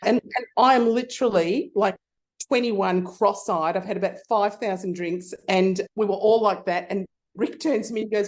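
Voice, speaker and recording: A middle-aged Australian woman, a photography consultant, telling lively stories in a casual interview with frequent restarts. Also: mid-range voice, normal speed.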